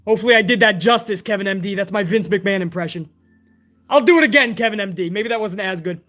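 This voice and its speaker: Hoarse, high-voiced excitable stream host. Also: male voice, quick pace, faint music behind. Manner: profane, excitable, chummy. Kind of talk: casual livestream commentary, reading fan messages.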